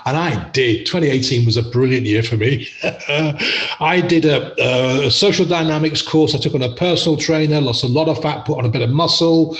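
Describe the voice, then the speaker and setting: Speaking fairly quickly in a slightly high, reverberant voice, a middle-aged English podcast guest from England shares stories. The casual storytelling interview finds him chatty, self-deprecating, and frequently laughing.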